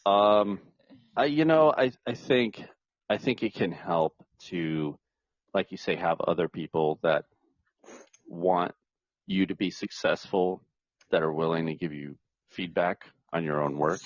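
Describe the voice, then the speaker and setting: A relaxed man speaks in a very deep voice, casual and conversational. The sound is dry and slightly dull. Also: a little slow, dry recording. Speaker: podcast guest. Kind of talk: casual interview chat.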